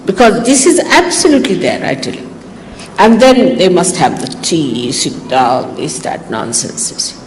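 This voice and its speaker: A woman's voice: lowish voice, normal speed. An older woman with an Indian accent gives an informal, teasing talk to her followers as a spiritual teacher, acting out little exchanges as she goes. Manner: teasing, animated, acts out quoted exchanges. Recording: echoey hall, faint hiss, old archive tape.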